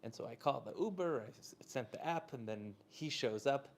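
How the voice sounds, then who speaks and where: A man's voice: medium pitch, expressive, a little fast, gravelly. A man from Southern California, a Torah teacher telling a casual, chatty story to a live audience, full of "like" and "uh".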